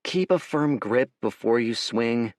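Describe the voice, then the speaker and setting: A man's voice: mid-range voice, animated, unhurried, a little mellow, dry recording, lightly acted. A man voicing a smug, impatient male hero with dragon blood, talking in a dry, mocking way. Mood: patient.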